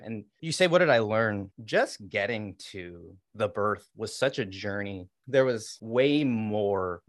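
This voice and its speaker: A man's voice: lowish voice, no room sound, clean studio sound. A man in his thirties, a podcast guest telling candid personal stories in a rambling way, with restarts and fillers. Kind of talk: candid conversational storytelling.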